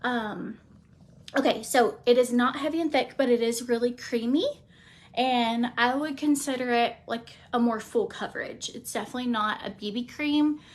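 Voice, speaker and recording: A woman chatting casually through a makeup routine, rambling with many fillers and pausing to talk to her cat. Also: on the high side. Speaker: beauty vlogger.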